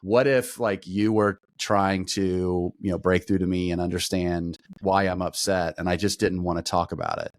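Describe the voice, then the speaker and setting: A man in his forties hosts a podcast in a fairly low voice. He chats casually, pokes fun at himself and winds his way through long questions. The sound is dry and close, with no room in it. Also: steady tone, moderate pace, few pauses, no room sound. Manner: chatty, self-deprecating, rambling questions. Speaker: podcast host.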